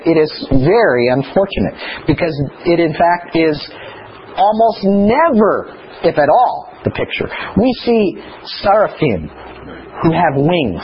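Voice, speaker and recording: Animated male bible teacher. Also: high-pitched, lo-fi sound, slight background noise. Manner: animated storytelling, chatty.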